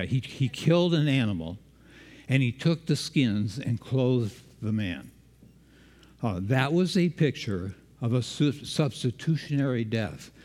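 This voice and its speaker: Male preacher, mid-pitched, conversational sermon delivery, quizzes the room, long hall reverb. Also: darkish tone. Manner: engaging, quizzes the congregation.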